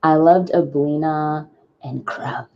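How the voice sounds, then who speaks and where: Low-pitched female co-host, animated casual storyteller, dull lo-fi recording. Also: slow pace. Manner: animated storyteller, mimics her mother. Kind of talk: casual chat. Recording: dull lo-fi sound.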